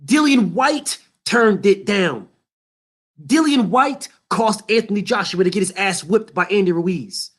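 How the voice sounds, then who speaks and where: High-voiced man ranting about boxing. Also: lively intonation, a little slow. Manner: heated, emphatic, profane, repetitive. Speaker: boxing show host. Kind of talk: boxing commentary rant.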